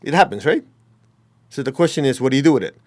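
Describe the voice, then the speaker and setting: A man's voice: medium pitch, expressive, fast talker. A man giving a spiritual talk, blunt and emphatic, often acting out the people he quotes. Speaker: spiritual teacher. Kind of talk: dharma talk.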